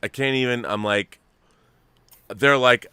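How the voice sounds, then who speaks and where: A middle-aged American man hosting a casual chat, rambling and animated, full of restarts. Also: medium pitch, takes it slowly, smooth, no room sound. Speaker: host.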